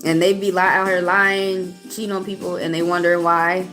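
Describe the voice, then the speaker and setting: A woman's voice: fairly low pitch, flat delivery, normal speed, a bit bright. Outspoken Southern woman reading tarot live. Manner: chatty, outspoken, talks straight to chat. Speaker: tarot reader. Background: faint background music.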